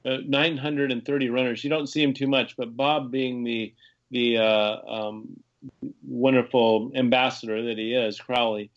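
A man's voice: medium pitch, steady tone, normal speed, muffled recording. Rambling man telling race stories. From United States. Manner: rambling storyteller with frequent restarts and laughs. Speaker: podcast guest, ultrarunner. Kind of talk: casual conversation.

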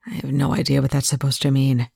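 A tired, blunt military commander, voiced by a reader, speaking low and weary. His hushed lines sit dry and close. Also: monotone, fast, gravelly, breathy edge, no room sound. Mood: tense.

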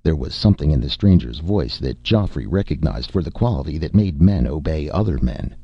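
Audiobook narrator, man, very deep and gravelly, lively dramatic reading, dry close sound. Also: fairly quick, dry recording. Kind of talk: scripted narration. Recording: dull lo-fi recording.

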